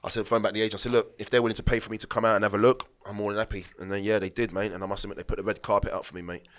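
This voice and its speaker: Deep, fast-talking man telling stories. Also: flat delivery, fairly bright tone. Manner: rambling anecdotes, restarts, acts out quoted dialogue. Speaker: podcast guest, former footballer. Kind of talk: casual conversational storytelling.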